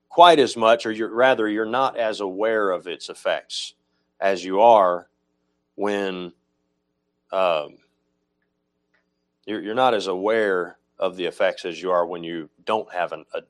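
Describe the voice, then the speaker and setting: A man's voice: low-pitched, fairly even intonation, measured pace, pauses often. A man preaching a teaching sermon about music, explaining patiently, repeating himself and correcting his own slips as he goes. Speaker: pastor.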